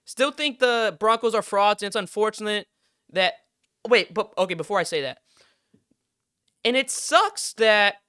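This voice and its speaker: A man's voice: high voice, a little slow, pauses often, sharp tone, smooth, no room sound, clean studio sound. A young man hosting a podcast, ranting in heated, frustrated casual sports commentary and swearing freely. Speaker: podcast host.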